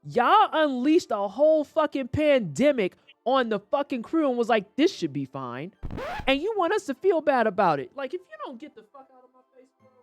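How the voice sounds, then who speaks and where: A woman's voice: high voice, big pitch swings, brisk, soft background music. A woman streaming a game, talking casually and ranting with profanity and quoted voices. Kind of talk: casual livestream commentary.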